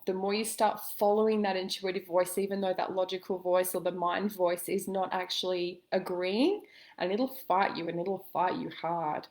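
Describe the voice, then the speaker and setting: A woman coaching listeners in a calm, gentle way, giving a spoken self-help lesson with slow pauses. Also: on the low side. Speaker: intuitive coach.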